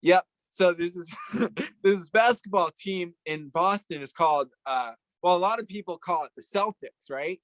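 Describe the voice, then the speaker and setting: A man's voice: high voice, moderate pace, no room sound, low-quality recording. A man chatting casually in a rambling, joking way, often searching for words. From Italian heritage. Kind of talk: casual chat.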